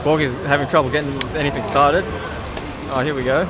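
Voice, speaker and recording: A man giving brisk, matter-of-fact play-by-play on a fighting game match. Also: a little high, level tone, over a noisy crowd. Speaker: co-commentator. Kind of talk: play-by-play commentary. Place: gaming tournament venue. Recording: noisy event room.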